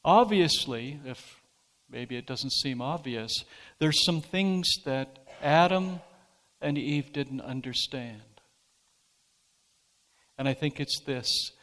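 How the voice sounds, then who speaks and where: A pastor preaching a sermon, speaking slowly and deliberately and rising to emphatic peaks. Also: male voice, mid-range voice, a bit bright, big-room sound.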